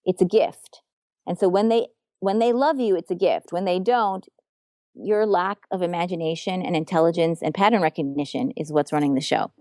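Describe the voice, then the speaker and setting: Earnest woman relationship coach, lowish voice. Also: moderate pace, darkish tone, no echo, studio quality. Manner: earnest, emphatic, frank. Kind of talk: podcast interview.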